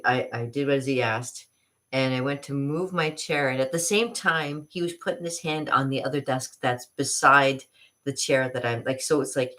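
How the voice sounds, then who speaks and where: A woman hosting a casual vlog, telling a rambling story with lots of laughter and restarts. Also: a bass voice. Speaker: vlog host and artist.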